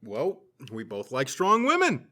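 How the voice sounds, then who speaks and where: A young man co-hosts a casual podcast with a lively voice that leaps up and down. His tone is bright and sharp, and he cracks crude jokes and laughs often. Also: medium pitch, a little slow. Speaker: podcast co-host. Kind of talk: casual chat.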